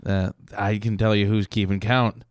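A man's voice: lowish voice, little pitch movement, moderate pace, no echo, clean studio sound. A man co-hosting a casual podcast with playful, joking remarks. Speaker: podcast co-host. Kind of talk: casual chat.

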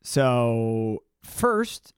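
A man's voice: mid-range voice, sing-song, extremely slow, smooth, no echo, clean studio sound. A man co-hosting a podcast, reading a fairy tale aloud in a casual, swearing, joking way. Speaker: podcast co-host. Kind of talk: casual storytelling chat.

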